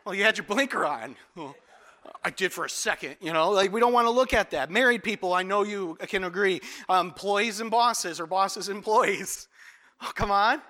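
A man delivers a sermon in a relaxed, conversational way, slipping into quick acted-out voices and then falling to soft, intense tones. His voice sits high and sounds bright and clear. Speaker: pastor.

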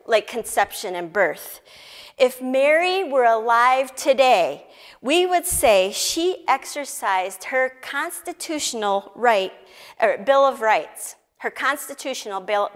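A woman teaching from scripture in a slow, deliberate, explanatory way. Her voice sits a little high, and a long reverb trails each phrase in a large hall. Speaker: Bible teacher. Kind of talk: Bible teaching talk to an audience.

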